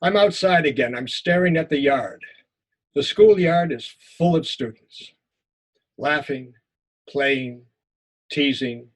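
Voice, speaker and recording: A man teaching a writing lecture who reads his own memoir story aloud, expressive and repeating words in tense moments. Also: medium pitch, breathy edge.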